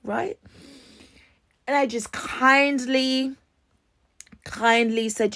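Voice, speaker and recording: A woman's voice: medium pitch, a little slow. A woman vlogger telling stories in a casual, dramatic way, acting out her own reactions and swearing freely. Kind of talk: casual storytelling.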